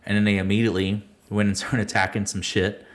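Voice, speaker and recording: A man's voice: lowish voice, flat delivery, fast. Rambling, swearing podcast co-host man. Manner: rambling, restarts often, swears freely, laughs at own jokes. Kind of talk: casual profane political chat.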